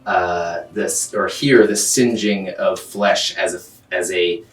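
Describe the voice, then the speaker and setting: A man narrating a tabletop game as game master. He describes scenes at length, often pausing on ums and uhs. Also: sits low, fairly even intonation. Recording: roomy, distant mic, faint music.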